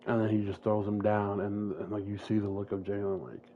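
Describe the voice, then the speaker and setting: A man's voice: lowish voice, little pitch movement, a little fast, narrow, tinny audio, slight background noise. A man casually retelling a made-up story, rambling and swearing often, with many fillers and restarts.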